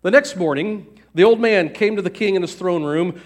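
A man narrating a fairy tale aloud in an even storytelling cadence. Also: high voice, normal speed.

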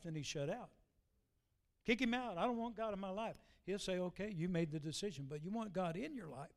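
A man preaches a sermon in a fairly high voice. He talks in a folksy, storytelling way and slows down deliberately whenever he reads scripture aloud. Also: smooth.

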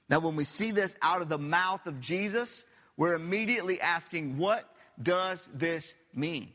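A man's voice: on the high side, unhurried, sharp tone, long reverb tail. A man preaching a sermon as pastor, emphatic and repetitive, putting questions to his listeners. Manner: emphatic, repeats phrases, asks the audience questions.

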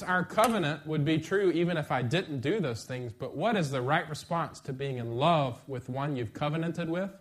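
A middle-aged man preaching a sermon as pastor, lively and conversational, with sudden bursts of emphasis. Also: fairly high pitch.

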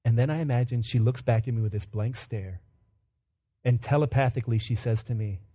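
A man in his thirties preaching a sermon, telling a family story with animated, humorous retellings. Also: medium pitch, a little fast, husky. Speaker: pastor.

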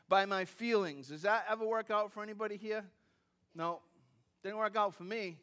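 A man's voice: high-pitched, a bit bright. A man preaching a sermon in a conversational way, with asides and self-deprecating humor, often repeating phrases and restarting as he builds his points. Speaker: pastor.

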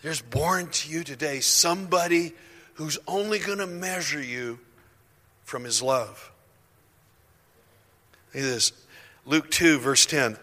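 A man preaching a sermon as pastor, impassioned and building to near-shouts. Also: fairly high pitch, takes it slowly, long pauses. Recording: long hall reverb.

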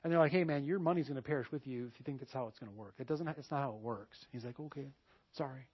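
A man preaching a sermon, telling a personal story with animated back-and-forth dialogue before turning to teaching. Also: mid-range voice, quick pace, husky. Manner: animated storytelling, acts out both sides of dialogues. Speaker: pastor.

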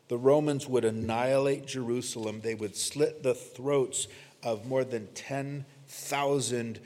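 Man preaching in an echoing hall. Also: darkish tone. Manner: earnest expository preaching, rising for emphasis, dropping low for scripture quotes. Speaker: pastor. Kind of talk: sermon. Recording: long hall reverb.

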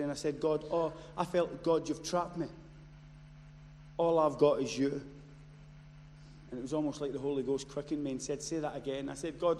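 A man preaching a sermon. He moves from quiet storytelling to loud, impassioned shouting. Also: mid-range voice. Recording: long hall reverb, faint noise.

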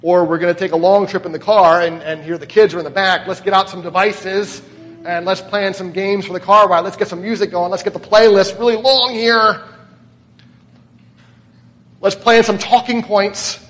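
High-voiced pastor preaching in a hall. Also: male voice, moderate pace, fairly bright tone. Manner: conversational, asks the congregation questions. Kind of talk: sermon. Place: church.

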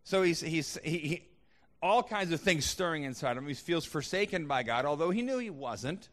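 A man's voice: a little high, lively intonation, moderate pace, a bit bright, long reverb tail. A man preaching a sermon as a pastor, conversational, with frequent restarts and fillers.

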